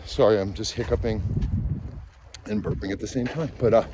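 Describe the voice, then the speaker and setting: A man's voice: medium pitch, animated, fast, darkish tone, slight background noise. A man, a dog trainer, talking casually as he walks a forest trail, rambling and thinking aloud with many restarts, filmed on a handheld camera. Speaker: dog trainer and podcast host. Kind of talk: casual rambling talk while walking outdoors. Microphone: handheld camera, selfie framing.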